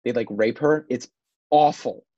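A man's voice: medium pitch, unhurried, dark tone, no echo, dull audio. A man in his twenties co-hosting a podcast, rambling through crude stories, swearing and saying "bro" and "like" a lot. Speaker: podcast co-host. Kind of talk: casual crude podcast banter.

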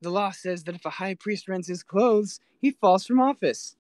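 A man's voice: high voice, moderate pace, a little mellow, dry recording, studio quality, voice pushed up, lightly acted. A man reading the lines of a stern, accusing Roman governor in a formal, declamatory way.

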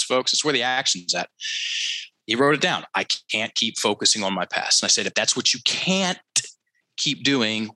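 A man's voice: mid-range voice, sharp tone, no room sound, rough recording. A man coaching on a headset mic, telling a client story in casual talk, acting out the quotes and often repeating himself.

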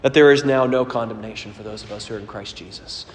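Preaching in a large, reverberant space, this pastor talks fast in a fairly low voice. He tells stories earnestly, alternating loud, emphatic moments with quieter asides.

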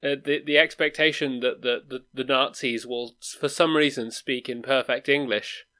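A man co-hosting a casual film discussion, halting, with frequent repeats and restarts. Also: mid-range voice, fairly even intonation, sharp tone. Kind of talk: casual chat.

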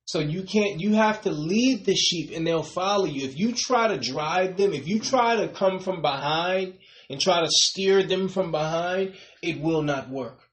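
Emphatic preacher with a high, ringing voice. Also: male voice, measured pace, reverberant. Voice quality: repeats "brothers and sisters" with a dropping, quiet tail. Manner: emphatic, rising on key points then trailing off softly. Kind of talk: sermon.

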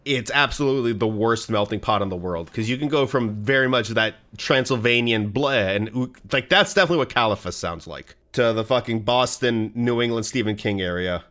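A man hosting a podcast and running games, telling stories in a casual, animated way among friends, swearing offhandedly. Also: medium pitch, fairly quick, few pauses. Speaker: game master and podcast host.

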